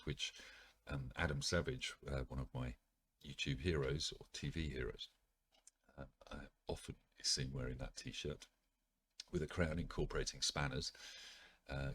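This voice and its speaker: A British man with an extremely deep, husky voice reads an article aloud as a podcast host. He stops often with ums and uhs to drop in dry, ironic asides. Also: normal speed. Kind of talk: casual reading with asides.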